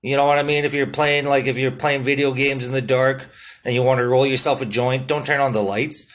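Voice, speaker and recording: A man's voice: medium pitch, fairly even intonation, brisk, fairly bright tone. A man hosting a casual solo podcast, laid-back and swearing constantly, with lots of fillers. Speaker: podcast host.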